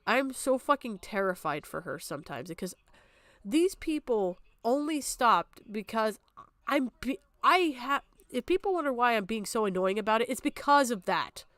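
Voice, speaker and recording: A woman's voice: a little high, animated, moderate pace, fairly bright tone, no echo. A young adult woman streaming, talking in an upset, tearful way and swearing often, close to crying. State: on the verge of tears. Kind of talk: emotional livestream talk.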